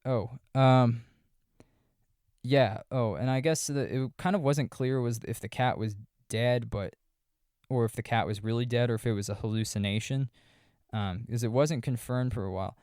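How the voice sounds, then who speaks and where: A man's voice: medium pitch, moderate pace, a little mellow, no echo, studio quality. A man hosting a podcast, casually reviewing a horror movie in a wry, sarcastic, rambling way. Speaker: podcast host.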